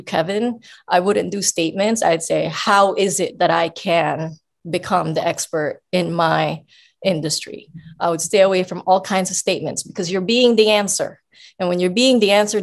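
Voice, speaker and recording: A woman guest coach giving casual advice, explaining in an emphatic, animated way. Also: mid-range voice.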